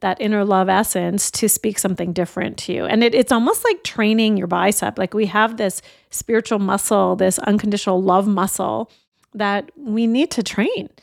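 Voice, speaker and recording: A woman's voice: mid-range voice, normal speed, vocal fry, no echo. Earnest middle-aged woman coach, dry sound. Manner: earnest and openhearted, shares personal stories. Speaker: life coach and podcast host. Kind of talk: reflective motivational talk.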